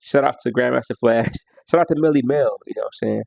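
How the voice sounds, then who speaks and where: A man's voice: medium pitch, quick pace, vocal fry, a little mellow, no echo. A man counting down his favorite songs in a casual, slangy way, half-singing lyrics and beats as he goes. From United States. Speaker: music vlogger.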